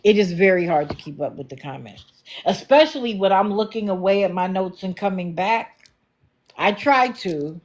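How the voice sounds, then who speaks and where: A woman hosting a casual livestream, answering viewer comments with quick apologetic asides and animated reactions. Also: mid-range voice, lo-fi sound. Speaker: livestream host.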